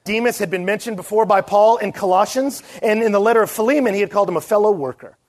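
High-voiced animated preaching man. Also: quick pace. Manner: animated storytelling, acts out quoted voices. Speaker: pastor. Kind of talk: sermon. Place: church.

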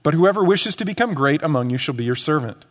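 A man preaches from the pulpit, his voice sitting a little high for a man. He teaches conversationally and slips into quick acted-out lines. The sound carries a long church-hall reverb. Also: animated. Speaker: pastor. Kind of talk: sermon. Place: church sanctuary.

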